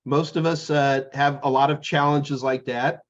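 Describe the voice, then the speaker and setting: A man's voice: on the high side, fairly even intonation, normal speed, highs cut off. A man co-hosting a podcast in casual chat, telling jokey, rambling stories. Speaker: podcast co-host.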